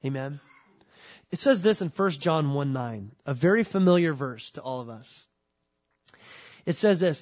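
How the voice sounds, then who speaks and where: A man preaching a sermon, animated, acting out the excuses people make in little voices. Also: a little high, unhurried, pauses often. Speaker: pastor.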